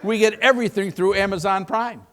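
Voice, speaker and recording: A man's voice: high voice, steady tone, a little fast, fairly bright tone. An older man giving a live keynote on the economy, folksy and joking, asking the audience questions. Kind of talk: live keynote talk with anecdotes.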